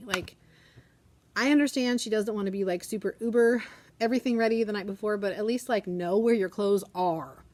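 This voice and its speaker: A woman's voice: mid-range voice, brisk. A middle-aged woman teacher talks casually to her camera in a classroom, rambling from one story to the next. Her tone is chatty and easygoing, and it lifts when she quotes the children. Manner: chatty, rambling, animated when quoting kids. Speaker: elementary school teacher. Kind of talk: casual classroom vlog chat.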